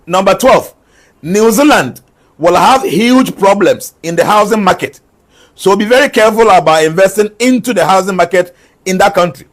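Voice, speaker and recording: A man's voice: high-pitched, expressive, normal speed. A man delivering numbered prophetic forecasts, repeating each one and switching between English and a local language. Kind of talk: numbered predictions mixed with local-language asides.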